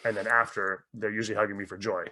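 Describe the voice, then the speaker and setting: A man's voice: fairly low pitch, flat delivery, fast talker, bright, forceful tone. A man working as a mindset coach for athletes, telling stories animatedly in a podcast interview and swearing freely.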